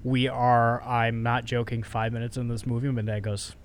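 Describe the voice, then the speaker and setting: A man's voice: mid-range voice, level tone, moderate pace. A young man runs down a movie list in casual podcast talk. He tells stories with gusto and acts out the scenes with profanity. A faint background noise sits under his voice. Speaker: podcast co-host.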